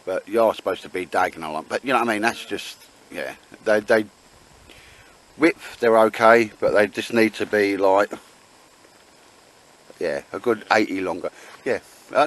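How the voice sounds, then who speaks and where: A man's voice: lowish voice, fairly bright tone, low-quality recording. A man, a bushcraft vlogger chatting casually and teasing his friend in the woods. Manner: jokey, teasing banter. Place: woods outdoors.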